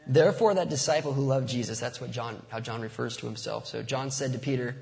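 A man's voice: medium pitch, brisk, gravelly, darkish tone. A man preaching a sermon as pastor, casual and conversational, slipping in jokes. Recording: long reverb of a large hall.

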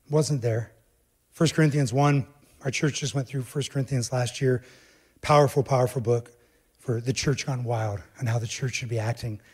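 A male pastor preaching a sermon with emphatic delivery, swinging between hushed low passages and raised, urgent ones as he addresses the congregation directly. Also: fairly even intonation, normal speed, husky.

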